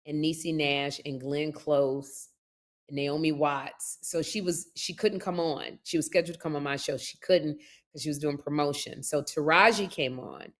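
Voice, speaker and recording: A low-pitched woman hosts a podcast in relaxed, casual chat. She is middle-aged and an animated storyteller who acts out the people in her stories. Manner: animated storyteller, lively retellings with laughs. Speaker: podcast host.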